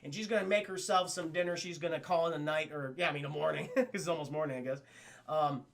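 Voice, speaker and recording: Excitable, foul-mouthed young man with a gravelly voice. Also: a little high, fast. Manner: profane, excitable, addresses chat constantly. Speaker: cartoon reviewer and streamer. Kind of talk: casual streamed episode review.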